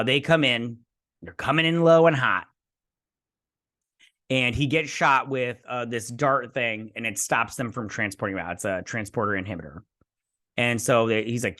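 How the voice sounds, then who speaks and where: A man of ordinary pitch talks through an episode in a loose, rambling recap, stumbling over fillers and acting out the characters' lines in his own voice. The sound is dry and close, with no room around it. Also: fairly bright tone, dry recording. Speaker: show host reviewing an episode. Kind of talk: casual recap and review.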